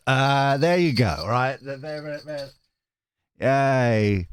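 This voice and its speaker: Speaking very slowly in an expressive, clean-toned mid-range voice, a British man hosts his tarot channel. His chat with viewers is casual and joking, full of self-interruptions, tangents and fresh starts.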